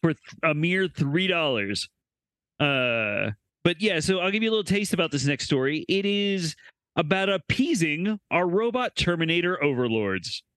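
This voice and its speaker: Chatty podcast guy, higher voice that jumps around a lot, joking, dry sound. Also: very animated, a bit bright, clear, resonant tone, no echo. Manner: chatty, plugs bonus content, quick reactions and jokes. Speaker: podcast co-host. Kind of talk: casual chat.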